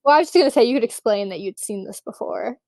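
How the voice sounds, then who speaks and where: A woman narrating as game master of a tabletop game, relaxed and rambling with many fillers. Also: fairly high pitch, fast talker, dry recording.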